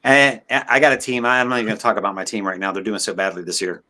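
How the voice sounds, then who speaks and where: A man's voice: on the low side, level tone, racing, pushed and bright. A man as a podcast guest, chatting casually and telling rambling anecdotes with many restarts and fillers. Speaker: guest, look-alike performer of a famous singer.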